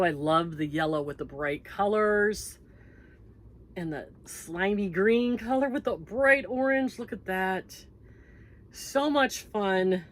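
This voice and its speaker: A Canadian-born woman hosting a crochet vlog, chatting in a gushing, upbeat way as she opens packages. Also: fairly low pitch. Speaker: crochet channel host. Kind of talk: casual vlog chat.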